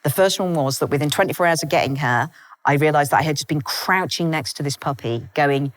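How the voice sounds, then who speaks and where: A woman in her fifties, a guest author in a live podcast conversation, telling stories quickly and comically, with frequent laughs and self-deprecating asides. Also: deep voice. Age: 50s. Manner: rapid, animated storytelling with frequent laughs.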